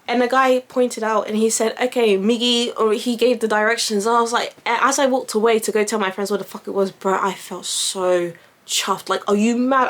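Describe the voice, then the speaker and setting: Chatty young woman, animated storyteller. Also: mid-range voice. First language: French. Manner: animated, swears freely, acts out quoted voices. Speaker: vlogger. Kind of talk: casual storytelling ramble.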